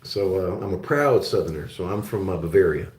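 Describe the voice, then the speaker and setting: German-born guy hosting a live chat, friendly, rambly, lots of ums, lowish voice, echoey room. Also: fairly quick, a little mellow. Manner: rambling, friendly, many fillers and restarts. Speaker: show host. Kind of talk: casual live-stream chat with viewers.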